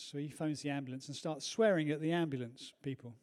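Mellow-voiced preacher man. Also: a little high, fairly even intonation, quick pace. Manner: earnest storytelling, shifts from hushed to loud. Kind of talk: sermon. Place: church.

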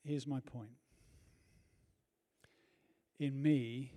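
A man preaching a sermon in a church, telling a personal story earnestly, moving from hushed to loud. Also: fairly high pitch, unhurried.

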